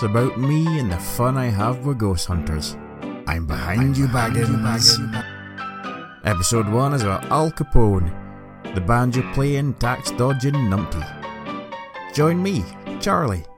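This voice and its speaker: A man reading a cheeky, deadpan podcast promo. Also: medium pitch. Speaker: podcast ad narrator. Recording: music bed behind the voice.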